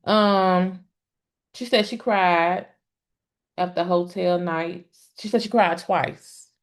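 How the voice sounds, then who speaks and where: Her voice lowish and her tone steady, a woman hosts a casual live stream about a court case. She chats and exclaims straight at her viewers, frequently breaking into "um" and restarting.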